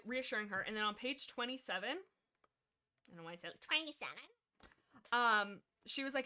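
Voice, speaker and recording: A young woman talks through a book on her livestream in a loose, rambling way. She gets excitable, restarts her sentences often and fills gaps with lots of fillers. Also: medium pitch, clean tone. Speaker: livestream host. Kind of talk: casual book discussion livestream.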